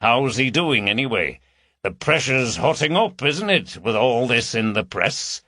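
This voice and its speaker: A man's voice: mid-range voice, sing-song, measured pace, bright, forceful tone, no room sound, clean studio sound, exaggerated voice. A man voicing an easygoing, jokey detective of about thirty from London. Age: around 30.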